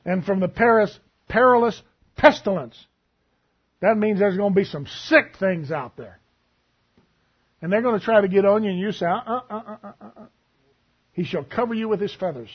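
A man preaching a sermon, telling stories and acting out both sides of a conversation in a husky voice. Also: high-pitched, muffled recording.

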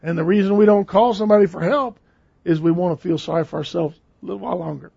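A man's voice: sits high, fast talker, vocal fry, slightly rough. A man preaching a sermon in a conversational, emphatic way, repeating phrases for stress. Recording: dull lo-fi recording.

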